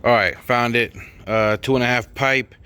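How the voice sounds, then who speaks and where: A man's voice: mid-range voice, fairly even intonation, normal speed, bright, forceful tone, a little hiss or hum. A man chatting casually and rambling with lots of swearing as he vlogs his own car exhaust repair, mocking himself along the way. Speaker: DIY car vlogger. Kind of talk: casual vlog narration while working on a car.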